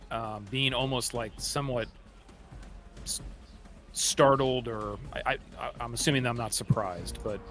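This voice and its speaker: A man's voice: mid-range voice, bright, forceful tone. Hesitant man playing a tabletop game. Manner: hesitant, thinking aloud with fillers. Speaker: player.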